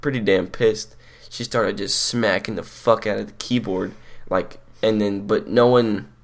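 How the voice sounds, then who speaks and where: A teenage man telling a story in a slow, crude, laughing way as a podcast co-host. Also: fairly low pitch, fairly even intonation, gravelly. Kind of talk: casual chat.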